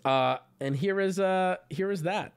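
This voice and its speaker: A man's voice: high voice, unhurried, creaky, clean tone. A man livestreaming and talking casually to his chat, rambling, joking and swearing freely. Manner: rambling, profane, jokey.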